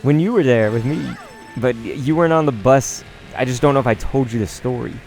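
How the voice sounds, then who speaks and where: A man commentating over gameplay, telling animated, profanity-laced stories in a rambling, casual way. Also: mid-range voice, a little fast, soft background music. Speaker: gaming commentator.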